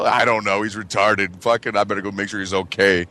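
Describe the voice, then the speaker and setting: A man's voice: fairly low pitch, fairly even intonation, fairly quick, sharp tone. A man co-hosting a podcast, telling stories in a profane, laughing casual chat. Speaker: podcast co-host.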